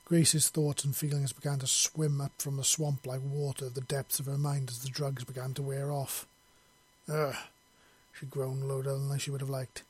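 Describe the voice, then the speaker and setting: Husky man reading a story. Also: mid-range voice, level tone, moderate pace, few pauses. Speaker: narrator.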